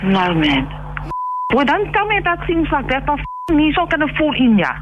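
A flustered woman in her fifties on a muffled phone line, her high voice swooping up and down as she exclaims. She talks bluntly, with a little hiss on the line. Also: huge pitch swings, moderate pace. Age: 50s. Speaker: prank call target, mother. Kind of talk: phone conversation. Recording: dull phone line with faint noise.

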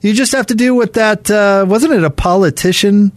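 A man co-hosting a sports radio show, animated and incredulous, quick to laugh in casual banter. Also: sits high, dry recording.

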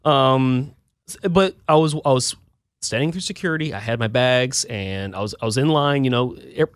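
A man's voice: mid-range voice, normal speed, smooth, dry recording, studio quality. A man, an Army veteran in his thirties, chatting casually and rambling with many fillers and restarts. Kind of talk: casual conversational storytelling.

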